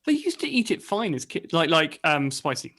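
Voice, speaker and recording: A man's voice: a little high, very animated, normal speed, a bit bright. A middle-aged man co-hosting a casual chat stream from home, talking in a thoughtful, reasoned way with many fillers. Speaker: co-host of a livestream chat show.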